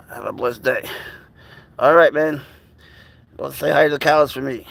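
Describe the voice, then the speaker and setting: A man chatting casually on a livestream, talking plans with viewers and cooing softly to cats in a baby voice. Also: mid-range voice, measured pace, creaky, pauses often. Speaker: livestream host.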